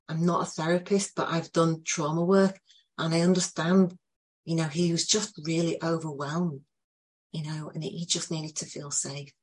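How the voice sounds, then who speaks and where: Woman, breathy, lowish voice, earnest, emotional storytelling. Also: a little mellow. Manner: earnest, emotional, with many pauses and restarts. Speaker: group participant sharing a story. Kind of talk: personal storytelling.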